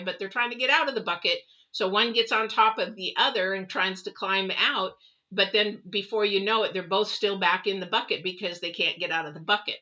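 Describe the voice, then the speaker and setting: A woman's voice: medium pitch, sharp tone, dull audio. A middle-aged woman doing a live tarot reading, chatty and rambling, talking straight to her viewers. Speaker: tarot reader.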